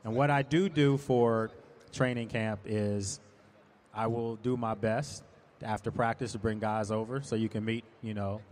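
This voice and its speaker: A man's voice: lowish voice, fairly even intonation, unhurried, a little mellow, a little hiss or hum. A man hosting a live sports talk event in a shopping mall, speaking loosely with many restarts while running a prize drawing. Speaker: sports analyst and host.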